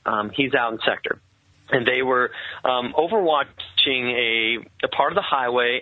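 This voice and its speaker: A man telling a personal story in earnest, halting conversational speech with many restarts. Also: medium pitch, no room sound. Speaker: guest telling his story. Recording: tinny, phone-like sound.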